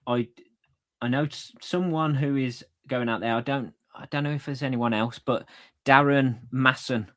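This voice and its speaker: A man co-hosting a casual podcast, relaxed and a little hesitant, repeating himself as he talks. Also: medium pitch, normal speed. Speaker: podcast co-host. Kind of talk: casual chat.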